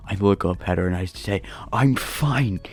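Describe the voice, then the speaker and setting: A man's voice: sits low, completely flat delivery, quick pace, a little mellow, faint music behind. A man recording a storytime voice-over for his gaming channel, rambling and poking fun at himself. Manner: rambling, self-deprecating storytelling. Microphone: voice-over recorded late at night.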